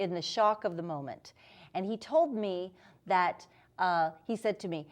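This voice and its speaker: American woman guest, mid pitch, insistent storyteller, talks with urgency. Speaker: guest, former intelligence asset. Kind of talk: interview answers.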